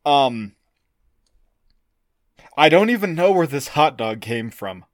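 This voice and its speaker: A tipsy man chats loudly on a podcast, giggling and swearing as he goes. His voice sits a touch high for a man. The sound is close and dry, with no room around it. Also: big pitch swings, slow, no echo. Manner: loud, giggly, swears a lot. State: tipsy from drinking. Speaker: podcast co-host. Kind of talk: casual chat.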